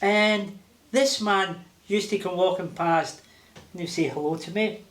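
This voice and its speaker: An older man with a Glaswegian accent, telling lively stories with laughter as an interview guest. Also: high-pitched, unhurried. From Scotland. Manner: animated, laughing, acting out voices. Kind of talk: casual storytelling. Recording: roomy echo.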